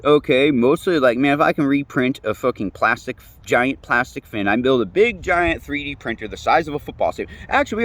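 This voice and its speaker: A man's voice: medium pitch, fairly bright tone. Guy ranting on his own show, swears a ton, rambles with lots of like and man. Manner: profane, rambling, full of fillers. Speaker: host. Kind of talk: casual rant monologue.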